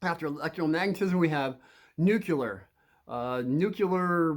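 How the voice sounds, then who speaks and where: Brief: man, somewhat high voice, rambling advice to kids, acts out scenes with loud bursts. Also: expressive, moderate pace. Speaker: host giving kids advice on bullies. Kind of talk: rambling monologue to children.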